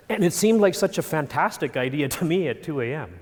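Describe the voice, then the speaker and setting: A middle-aged man giving a storytelling talk on stage, animated and self-deprecating. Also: fairly high pitch, a little fast, few pauses. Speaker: speaker. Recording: long hall reverb.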